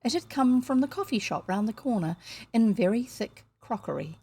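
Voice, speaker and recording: A woman's voice: fairly high pitch, lively intonation, moderate pace, warm tone, breathy edge. A woman from New Zealand with a New Zealand accent, reading a children's novel aloud with chatty asides. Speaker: audiobook reader.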